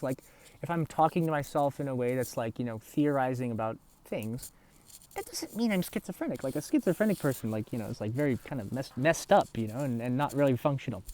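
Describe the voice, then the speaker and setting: Male vlogger, affected put-on accent, profane rambling delivery, very lively pitch. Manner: talks in a put-on affected accent, throat held low; profane, rambling, restarts and repeats words. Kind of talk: rambling solo monologue.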